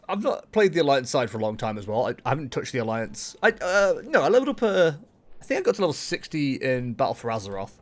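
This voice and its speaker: A man chatting casually as he streams a game, rambling along with frequent fillers and self-corrections. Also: on the high side. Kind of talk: casual gameplay commentary.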